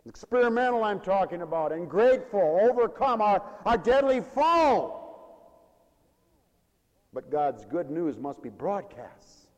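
Preacher man, high and sing-song, fervent, booming then hushed, reverberant hall. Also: very animated, moderate pace, few pauses, lo-fi sound. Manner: fervent, swings from loud to hushed storytelling. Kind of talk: sermon.

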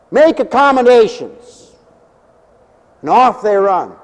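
A man preaching a sermon, telling Bible stories in an animated way and acting out the scenes. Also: sits high, unhurried, pauses often, in a large hall.

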